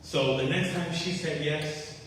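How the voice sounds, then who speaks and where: A man's voice: mid-range voice, moderate pace. A man giving an earnest personal testimony at a church recovery meeting. He repeats key phrases and acts out the conversations he recalls. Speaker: testimony speaker at a faith-based recovery meeting. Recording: echoey hall, distant mic, faint hiss.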